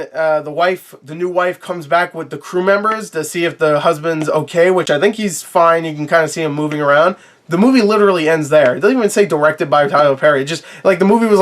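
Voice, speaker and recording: Rambling man with a sore throat. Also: fairly high pitch. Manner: rambling, profane, laughs often. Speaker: movie reviewer. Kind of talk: casual spoiler review to camera.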